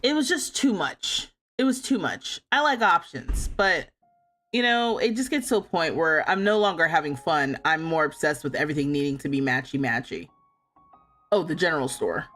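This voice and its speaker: Young adult woman streamer, bright, very lively pitch, casual game commentary, playful and indignant with chat. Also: moderate pace, faint music behind. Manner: animated, laughing, playfully indignant, talks back to chat. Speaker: livestreamer playing a life sim game.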